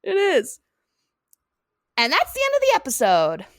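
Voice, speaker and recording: A woman's voice: high-pitched, huge pitch swings, measured pace, dry recording, clean studio sound. A woman co-hosting a podcast, animatedly recapping a cartoon episode and laughing often. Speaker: podcast co-host.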